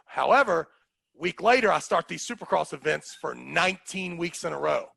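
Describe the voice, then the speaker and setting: A man telling animated, profane stories in casual conversation, acting out what others said. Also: on the high side, moderate pace, gravelly, husky, no echo. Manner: animated, profane, acts out quotes. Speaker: guest storyteller. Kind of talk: casual storytelling.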